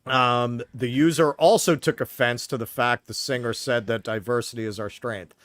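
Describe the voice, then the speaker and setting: A man's voice: medium pitch, steady tone, moderate pace, a bit bright, dry recording, clean studio sound. A man with a New York accent from Queens, co-hosting a political talk show, heated, sarcastic and swearing often. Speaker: podcast co-host. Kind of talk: casual political commentary.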